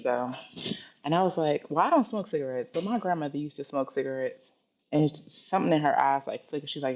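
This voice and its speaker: A woman's voice: deep voice, quick pace. A woman in her thirties with a Philadelphia accent, a podcast guest telling a personal story in casual chat and acting out what others said. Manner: animated, dramatic quoting of others. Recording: muffled lo-fi podcast audio.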